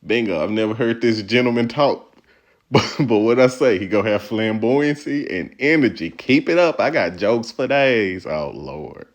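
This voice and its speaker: A man's voice: fairly low pitch, expressive, normal speed. A male stand-up comedian from Texas giving casual, playful, slangy commentary on his own set and laughing often. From Texas, USA.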